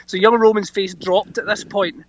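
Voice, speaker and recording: A Scottish man, an actor, telling stories in a chatty, animated way during an interview. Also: sits high, normal speed, muffled recording. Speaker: actor guest. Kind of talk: casual anecdote-telling interview.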